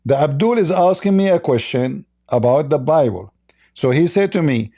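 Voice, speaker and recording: A man runs a live call-in religious debate stream, combative and mocking, laughing at the people who call in. His warm-toned voice is a little high and animated, at normal speed.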